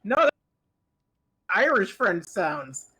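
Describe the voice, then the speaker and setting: A man chatting as a player in a tabletop game, pausing often to search for words. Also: high-pitched, big pitch swings, pushed and bright, slightly rough.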